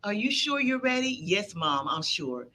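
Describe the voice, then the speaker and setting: A woman voicing a humble younger son who speaks softly and earnestly. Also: medium pitch, big pitch swings, a little slow.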